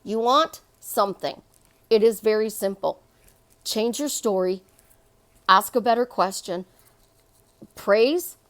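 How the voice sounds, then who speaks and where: High-voiced woman coaching with emphatic repetition. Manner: emphatic, repeats phrases for effect. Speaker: life coach. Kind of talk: motivational monologue.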